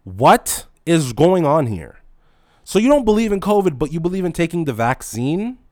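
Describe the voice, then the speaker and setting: Young man ranting with lively swings. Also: a little high, normal speed, no echo, studio quality. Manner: animated, exasperated, heavy swearing, mock-incredulous. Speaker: retail store manager. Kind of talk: storytime rant to camera.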